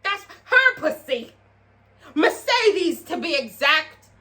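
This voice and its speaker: A woman's voice: sits high, very animated, slow pace, bright, forceful tone, voice pushed up, exaggerated voice. A woman voicing a brash young woman who is defiant and teasing, with a mocking, emphatic delivery. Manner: mocking, emphatic, laughing through lines.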